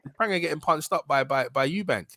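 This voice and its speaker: A man hosting a casual boxing livestream, animated and slangy, repeating himself as he talks. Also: a little high, fairly quick, a crowd in the background.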